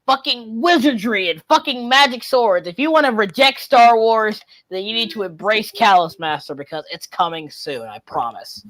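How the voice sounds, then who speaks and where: A woman leads a loose conversation among friends, her fairly high voice leaping up and down as she trips over restarts in her eagerness. She swears casually and laughs easily through her stories. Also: normal speed, few pauses, poor audio. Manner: animated, stumbling restarts, swears freely. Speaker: podcast host.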